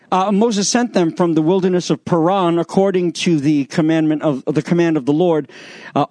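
A man preaching a sermon, retelling scripture with animated acted-out quotes and sarcastic asides. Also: on the high side, no room sound, studio quality. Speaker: pastor.

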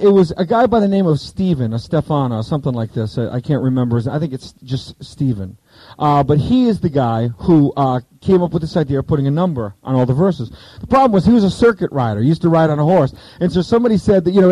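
Brief: male preacher, high and very lively pitch, mellow dark tone, jokey asides, dry close sound. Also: dry recording, rough recording. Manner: animated and joking, with asides. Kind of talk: sermon with Bible reading.

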